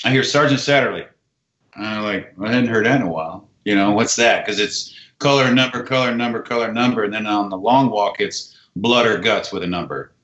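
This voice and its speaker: A low-pitched man from the United States tells a story, casual and animated, and acts out the dialogue in it. His voice has a bright, forceful edge. The sound is roomy and a little dull. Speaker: guest, army veteran.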